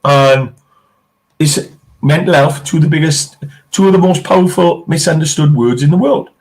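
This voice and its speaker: A man's voice: fairly high pitch, moderate pace, darkish tone. A middle-aged man, chatting bluntly on a live stream and swearing freely. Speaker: co-host. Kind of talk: casual chat on a live stream.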